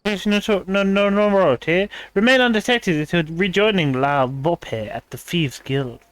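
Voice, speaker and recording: A man's voice: high voice, moderate pace, smooth, no room sound. Rambling young male streamer. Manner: rambling, laughs often. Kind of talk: casual gameplay commentary.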